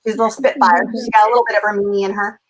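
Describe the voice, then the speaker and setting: A woman's voice: medium pitch, fairly even intonation, very fast, poor audio. A middle-aged woman from California, a parenting coach who talks as an interview guest in a passionate, emphatic way. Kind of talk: heartfelt conversational interview.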